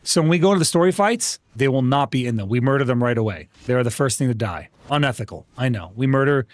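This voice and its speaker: A man streaming a game live, chatting casually and greeting viewers by name, with frequent restarts. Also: no echo. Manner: rambling restarts, animated jumps in pitch. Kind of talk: casual live-stream chat while gaming.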